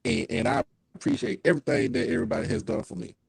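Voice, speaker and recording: A man who runs his own sports live stream calls in over the phone as a guest on a casual live sports chat. He speaks earnestly but fast, restarting often and using many fillers, in a deep, creaky voice with huge pitch swings. Slight background noise can be heard.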